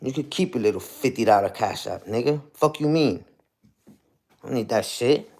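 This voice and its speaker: A man's voice: mid-range voice, lively intonation, moderate pace, mellow. A young man ranting on a casual livestream, profane and combative, ending lines with "you heard?". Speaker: streamer.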